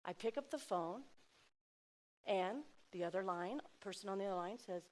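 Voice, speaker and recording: A middle-aged woman giving a heartfelt personal speech to an audience, swinging between loud exclamations and soft asides. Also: mid-range voice, animated, moderate pace, pauses often. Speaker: speaker at a dinner event.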